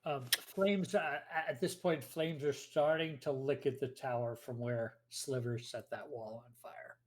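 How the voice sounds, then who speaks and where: A man at mid pitch narrates a tabletop game as its game master. He describes scenes step by step and explains rules in a plain, matter-of-fact way, talking into a mic on a call. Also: steady tone, measured pace.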